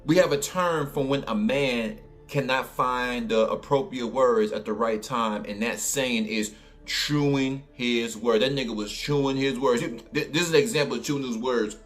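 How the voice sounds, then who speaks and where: A man's voice: medium pitch, moderate pace, soft background music. A man with a New Orleans accent telling a story in a casual, colloquial way, full of fillers and asides. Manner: animated, colloquial, many fillers.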